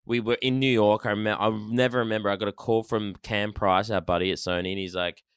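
A man in his thirties tells band stories in a casual, animated rush. He swears freely and often restarts his sentences. The mic sound is dry and close. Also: on the low side, fast talker, smooth, no echo. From Australia. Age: 30s. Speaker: band member, guest. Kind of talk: casual storytelling.

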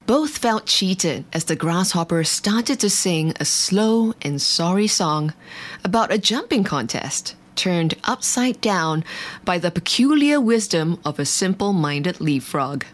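A woman reading a bedtime story aloud as narrator, in a gentle manner. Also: on the low side, expressive, slow.

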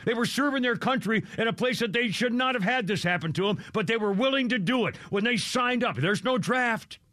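A man with a very high-pitched, bright, forceful voice hosts a talk radio show, talking a little fast in a heated rant. He swears mildly, trails off, and starts over repeatedly, with no echo in the recording.

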